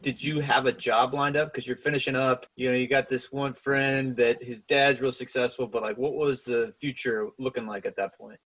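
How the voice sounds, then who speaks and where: A man interviewing a guest with relaxed, short follow-up questions. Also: mid-range voice, normal speed, few pauses, low-quality recording.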